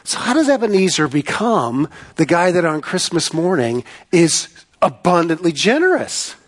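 Man preaching, earnest, emphatic repetition, rhetorical questions, fairly high voice. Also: big pitch swings, moderate pace, husky. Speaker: pastor. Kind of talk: sermon.

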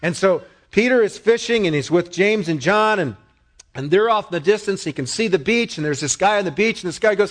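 A man with a somewhat high voice delivers a sermon like a conversation with his congregation. He asks them questions and gets lively when he retells a story. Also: fairly quick. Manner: conversational preaching with rhetorical questions. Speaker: pastor.

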